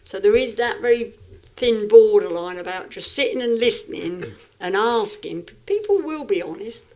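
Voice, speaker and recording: A woman's voice: medium pitch, animated, moderate pace, darkish tone. A woman speaking as a podcast guest, frank and reflective, often restarting her sentences in casual talk. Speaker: guest, livestock exhibitor.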